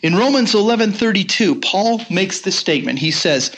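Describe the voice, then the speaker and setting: A man's voice: high voice, expressive, normal speed, hardly any pauses, fairly bright tone. Earnest older male Bible teacher. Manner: earnest, personal storytelling with frequent restarts. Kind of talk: teaching sermon.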